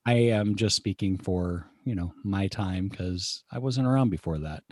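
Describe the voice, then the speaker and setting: A man co-hosting a casual podcast, reading a parenting article aloud with relaxed asides. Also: sits low, unhurried, no echo, clean studio sound. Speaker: podcast co-host. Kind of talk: casual chat.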